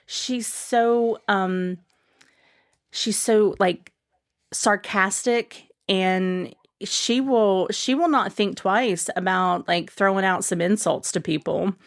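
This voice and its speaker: A woman's voice: mid-range voice, slow pace. A woman guest on a podcast, chatting casually and enthusiastically, rambling with lots of fillers and restarts.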